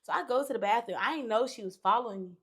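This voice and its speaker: A woman's voice: on the high side, quick pace, breathy edge. A young woman chats as a podcast guest, telling a personal story in a loose, casual way. She is candid and swears freely. She slips into other people's voices as she quotes them.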